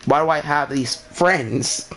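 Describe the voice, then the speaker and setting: A man's voice: a little high, slow, a bit bright, slight background noise. A young man hosting his channel, telling a rambling story in a casual way and asking why again and again in exasperation. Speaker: channel host.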